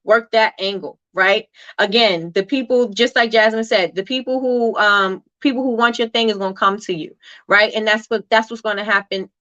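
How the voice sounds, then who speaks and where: A woman's voice: mid-range voice, steady tone, moderate pace, sharp tone, no room sound, highs cut off. A woman hosting a casual motivational talk, reading viewer comments aloud and chatting with many fillers and tag questions. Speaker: host.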